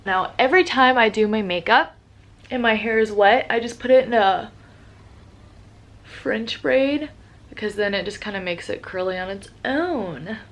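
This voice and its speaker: A woman's voice: medium pitch, measured pace. Chatty young woman doing a makeup tutorial. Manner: chatty, upbeat, says "like" often. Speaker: beauty vlogger.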